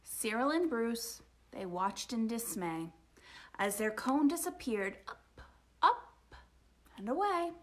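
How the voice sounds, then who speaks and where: A woman reading a rhyming children's picture book aloud, expressive and sing-song, sometimes dropping to a whisper. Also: a little high, takes it slowly. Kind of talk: storytime read-aloud.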